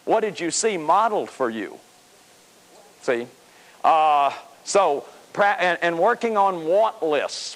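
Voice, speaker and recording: A man in his fifties delivers a self-help lecture on healing the inner child. His voice is on the high side and animated but slow, and he is emphatic, repeating words to drive his points home.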